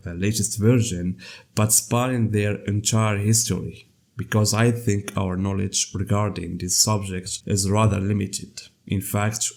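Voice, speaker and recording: A man with a cold and a scratchy voice, hosting an anime lore channel in a measured, scripted explainer narration. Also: on the low side, vocal fry, darkish tone.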